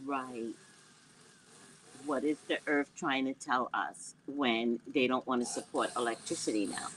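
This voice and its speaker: Speaking a little slowly in a very deep voice, this psychic livestream host jokes around and talks to her chat from home. The recording is rough, with a slight hiss or hum, since she has no external microphone.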